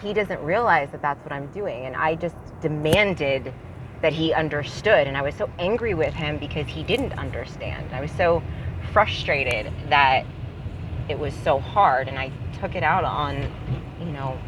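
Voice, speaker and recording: A woman in her thirties speaks in a low, deep voice in a casual personal vlog. She talks candidly, rambling and reflecting on herself. Street traffic and a passing train are clearly heard behind her outdoors. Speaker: parent vlogger. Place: outdoors near a train line.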